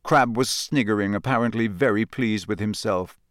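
A man narrating an audiobook in a measured storytelling manner. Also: lowish voice, dry recording, clean studio sound.

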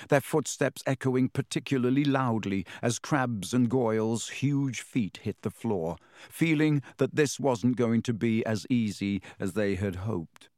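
A man narrating a story in a steady, measured reading voice on a close mic. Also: medium pitch, no echo. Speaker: audiobook narrator. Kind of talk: scripted narration.

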